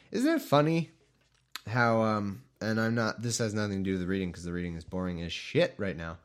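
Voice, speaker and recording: A man's voice: lowish voice, brisk. Rambling, irreverent man reading scripture. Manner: irreverent, joking, rambling, self-mocking. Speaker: scripture reader. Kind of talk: casual Bible reading with rambling asides.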